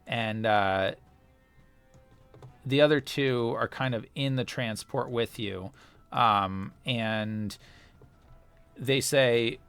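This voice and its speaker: A man runs a tabletop role-playing game as game master, narrating in a loose, rambling way with many pauses. His mid-pitched voice is recorded dry and close. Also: fairly bright tone, smooth, dry recording, soft background music. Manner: rambling, filler-heavy narration.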